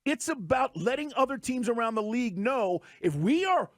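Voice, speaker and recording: A high-voiced man co-hosts a sports talk radio show, pressing his points hard and asking rhetorical questions one after another. He is recorded close on a studio mic with a bone-dry, deadened sound and no room echo. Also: animated, normal speed.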